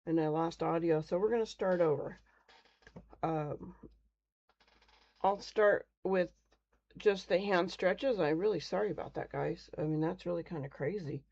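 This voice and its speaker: A woman's voice: on the low side, measured pace, creaky, long pauses, darkish tone, highs cut off. A middle-aged woman casually teaching beginners on a live stream, chatty and rambling, often stumbling over her words. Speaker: crochet teacher.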